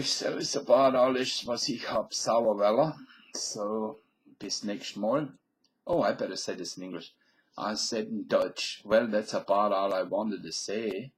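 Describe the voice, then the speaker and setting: A man's voice: low-pitched, rough recording. A man in his fifties from Virginia, rambling casually through a solo vlog and playfully switching between put-on accents. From Virginia, US South. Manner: chatty and meandering, plays with different put-on accents. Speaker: vlogger.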